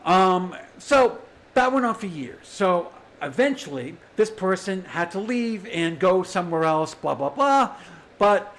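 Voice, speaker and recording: A man's voice: high voice, lively intonation, a little slow, a bit bright, poor audio. A man hosting his own livestream, delivering an angry, sarcastic rant full of swearing. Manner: heated, sarcastic, swears often. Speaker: livestream host.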